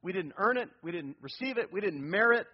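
A man's voice: sits high, animated, a little fast, slightly rough, dull audio. A male pastor preaching a sermon to a congregation in a church, emphatic and prompting them to fill in words.

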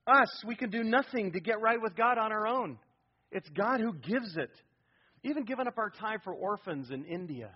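A man's voice: high voice, expressive, moderate pace, husky, muffled recording. A male pastor preaching a sermon to a congregation in a church, emphatic and prompting them to fill in words.

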